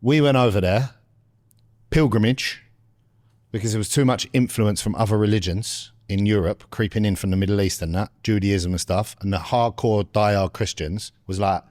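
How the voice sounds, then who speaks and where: A man's voice: lowish voice, normal speed, darkish tone, no echo. A man co-hosting a podcast, laddish and confident, calling everyone mate. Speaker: podcast co-host. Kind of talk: casual chat.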